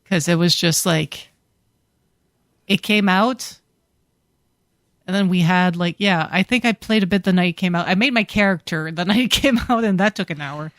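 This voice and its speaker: A woman's voice: fairly low pitch, moderate pace, long pauses, no room sound, clean studio sound. A woman co-hosting a podcast, telling a rambling story in casual chat with loose fillers and some swearing. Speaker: podcast co-host.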